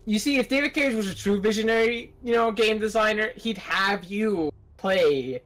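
A man teases his friends and goofs around during a game commentary. His voice sits a little high. The talk is casual and playful. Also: moderate pace, fairly bright tone. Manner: goofy, teasing. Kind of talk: casual let's play banter.

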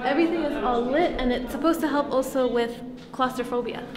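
A woman vlogging her travels, talking in an excited, chatty way and explaining what she sees. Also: high-pitched, a little fast, crowd noise. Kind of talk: casual travel vlog chat.

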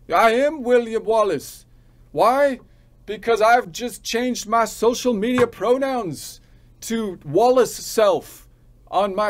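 A man's voice: high voice, voice pushed up. A man putting on a Scottish accent to play a proud, declaiming warrior.

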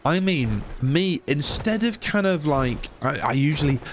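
A man's voice: on the high side, animated, measured pace, a little hiss or hum. A man from England giving casual, rambling commentary while playing a video game, swearing now and then. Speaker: gaming YouTuber.

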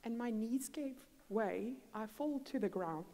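A guest preacher delivers a storytelling sermon in a church hall, acting out the dialogue in her stories. She has a fairly high, warm voice and a measured pace, and the hall's reverb lingers long.

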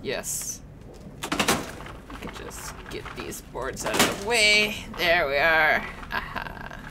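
Slow, playful woman gamer. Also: deep voice, animated, heavy background noise. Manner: playful, chats to game objects and creatures. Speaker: gaming streamer. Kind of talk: horror gameplay commentary.

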